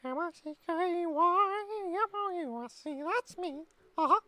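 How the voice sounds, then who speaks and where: Mickey Mouse, chirpy cartoon mouse. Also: male voice, unhurried, bright, forceful tone, no room sound, heavily acted. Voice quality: falsetto squeak. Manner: chirpy, sing-song spelling. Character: cheerful squeaky cartoon mouse, male.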